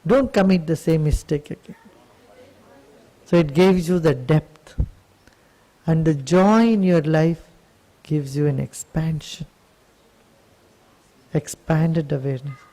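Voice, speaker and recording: A man teaching on spiritual matters, telling a story with gentle patience. His voice sits high for a man and has a mellow, warm tone. He speaks slowly and lets each phrase settle. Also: rough recording.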